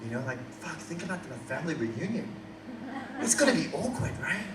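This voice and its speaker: A man's voice: fairly high pitch, big pitch swings, brisk, heavy background noise. A young man with an Australian accent performing a stand-up comedy set, telling a story with crowd work. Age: young adult. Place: small coffee shop venue, indoors. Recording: roomy, distant live room recording. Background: room ambience and audience laughter.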